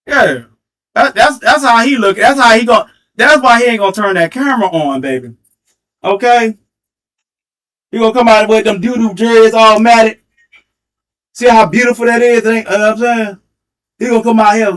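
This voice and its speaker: High pitched guy on a headset mic going off on a livestream, taunting and repeating himself. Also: moderate pace, long pauses, fairly bright tone, far from the mic. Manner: taunting, confrontational, repeats phrases. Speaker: livestream host. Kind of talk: heated livestream rant.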